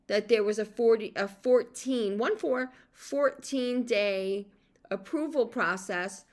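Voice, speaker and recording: A middle-aged woman caregiver telling a personal story in an emotional monologue, venting with heated outbursts and frequent swearing. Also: on the high side. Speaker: podcast host and caregiver.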